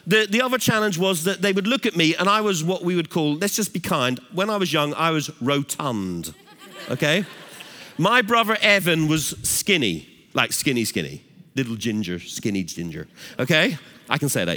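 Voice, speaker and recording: A middle-aged English man preaching a sermon, telling a funny family story in a playful, animated way. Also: a little high, normal speed. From England. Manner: animated, playful, laughs at his own stories. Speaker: pastor.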